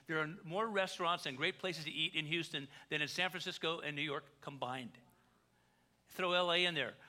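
Delivering a sermon in a talky style, this pastor drops joking asides while his volume shifts sharply from soft to loud. He has a fairly high-pitched voice.

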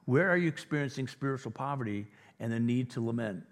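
A man's voice: mid-range voice, animated, fast talker, long reverb tail. A man preaching a sermon as pastor, talking to his congregation in a conversational way and acting out the voices of imagined people.

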